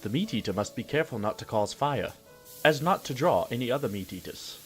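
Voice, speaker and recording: A man putting on a deep solemn nature-documentary narrator. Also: lively intonation, faint music behind, natural voice. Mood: mock solemn. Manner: grave, measured documentary delivery.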